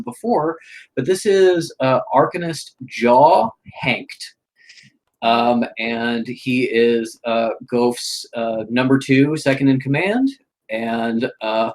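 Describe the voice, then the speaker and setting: Male game master, unhurried and halting, mid-pitched, tabletop game narration. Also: poor audio. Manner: slow, hesitant, many fillers.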